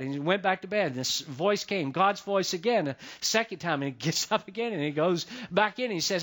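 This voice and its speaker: A man with a high, light voice preaching a sermon to his congregation. He talks in a conversational way and repeats key phrases to drive a point home. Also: expressive, a little fast, few pauses, a bit bright. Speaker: pastor.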